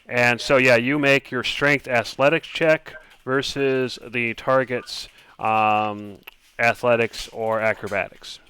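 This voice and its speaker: Gm guy narrating the game, lots of ums, super clear voice. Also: medium pitch, sharp tone. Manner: halting, lots of ums and uhs. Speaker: game master.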